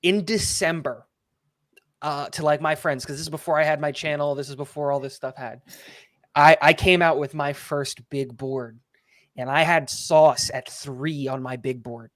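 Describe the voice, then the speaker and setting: This man talks a little higher than most, firing off his points in excited rapid bursts and stumbling over repeated words. The sound is dry and close, with no room echo at all. He is co-hosting a casual sports chat. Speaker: co-host.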